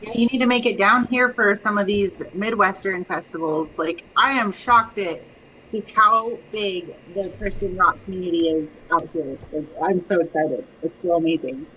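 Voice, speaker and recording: A woman's voice: mid-range voice, moderate pace, pushed and bright, lo-fi sound, slight background noise. A woman co-hosting a podcast, chatty and enthusiastic as she questions the guest. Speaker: podcast co-host. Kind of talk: casual interview chat.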